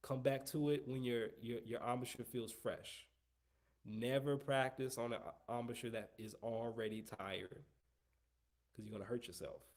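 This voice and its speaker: A man's voice: mid-range voice, steady tone, normal speed, darkish tone. A man teaching a live trumpet lesson, talking at length and often repeating and restarting his phrases as he coaches. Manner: long-winded, repeats himself, coaching tone. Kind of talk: live online music lesson.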